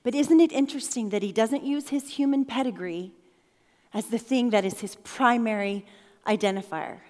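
A woman's voice: a little high, moderate pace, a little mellow, in a large hall. A middle-aged woman pastor giving a sermon in a playful, conversational way, laughing often.

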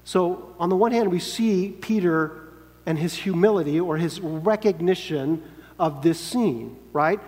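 Earnest preacher in a reverberant hall. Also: male voice, sits high, measured pace, a little mellow. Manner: earnest, emphatic, acts out quoted lines. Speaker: pastor. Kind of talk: sermon.

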